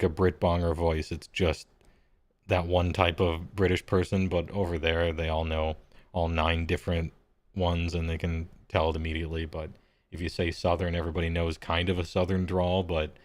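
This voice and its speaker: A man's voice: sits low, level tone, normal speed, a little mellow, no room sound. A man hosting a live stream as game master, chatting casually in a laid-back, blunt way with some offhand swearing.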